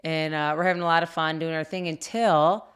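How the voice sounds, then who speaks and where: Middle-aged woman cohost, low-ish smooth voice, chatty storyteller, laughs a lot. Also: fairly quick. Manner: lively, laughing storyteller with many "you know" fillers. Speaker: podcast co-host. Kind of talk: casual storytelling chat.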